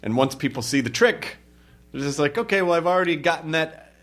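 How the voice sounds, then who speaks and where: A man's voice: fairly high pitch, lively intonation, a bit bright. A man hosting a podcast, chatting casually with a comedian and riffing jokes off his stories. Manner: quick, riffing banter that builds jokes on the guest's stories. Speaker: podcast host.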